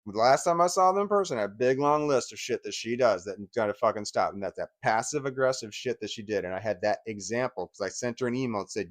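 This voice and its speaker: A man's voice: medium pitch, fast talker, few pauses. A man in his forties giving an angry, profane personal rant, often stumbling and restarting his sentences. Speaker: vlogger.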